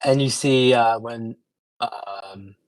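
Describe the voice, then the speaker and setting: A man co-hosting a laid-back movie podcast, telling the plot in a hesitant way and stopping often to restart his sentences. His voice sits at an ordinary pitch for a man. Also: takes it slowly. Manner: hesitant, lots of fillers and restarts. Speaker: podcast co-host. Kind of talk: casual movie-review chat.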